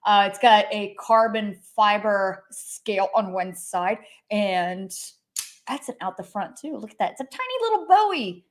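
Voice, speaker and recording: A woman's voice: mid-range voice, expressive, unhurried. Dry, teasing woman co-host. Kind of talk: casual livestream chat.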